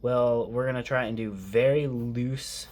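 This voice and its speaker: A man's voice: medium pitch, steady tone, unhurried, darkish tone. A man giving casual, rambling commentary while he draws, thinking aloud to himself and poking fun at himself. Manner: casual and self-mocking. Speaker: artist drawing on camera.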